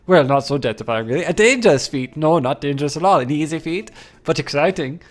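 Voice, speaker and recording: A man's voice: fairly high pitch, expressive, fast talker, natural voice. A man voicing two quarrelsome circus acrobat brothers from a game, with a put-on Italian accent and hammy showman patter. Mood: showman pitch. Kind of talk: reading game dialogue aloud in character.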